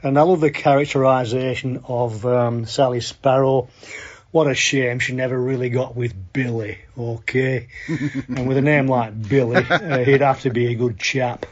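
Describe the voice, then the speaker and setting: A cheery, chatty podcaster, put on by a man doing an impression of a friend. He chums along at an average pitch and keeps tagging his points with a friendly question. The sound is dull and lo-fi, like remote call audio. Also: fairly even intonation, moderate pace, natural voice. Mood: cheerful. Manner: chummy, tags lines with "okay?". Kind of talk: impression of a friend giving feedback.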